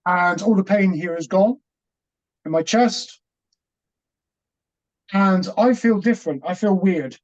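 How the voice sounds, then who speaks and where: A middle-aged man, earnest and halting, telling a personal story as an interview guest with many restarts. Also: sits high. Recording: dull, muffled audio.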